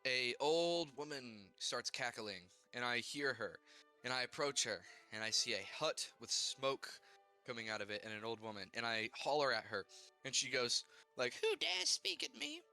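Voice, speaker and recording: A young man recapping his tabletop game character's backstory, halting, with many fillers and restarts. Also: medium pitch, sharp tone, smooth, soft background music. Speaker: player.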